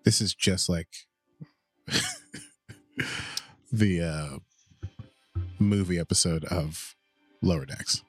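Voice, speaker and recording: A man's voice: sits low, breathy edge, faint music behind. A man co-hosting a podcast, giving jokey, chatty commentary as he watches a movie. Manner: jokey, chatty, quick to laugh at the screen. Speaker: podcast co-host.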